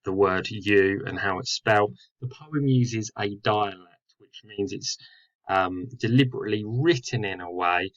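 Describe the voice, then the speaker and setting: A male English teacher explaining a poem in a recorded lesson, filling pauses with "um". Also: on the low side, a bit bright, dull audio. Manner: explanatory, with many fillers.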